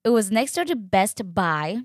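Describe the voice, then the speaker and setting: A young woman telling a personal story in a chatty, animated way, full of "like" and acted-out quotes. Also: mid-range voice, unhurried, dry recording, studio quality. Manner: animated, chatty, fills speech with "like", acts out quotes. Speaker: podcast host. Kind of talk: casual storytelling.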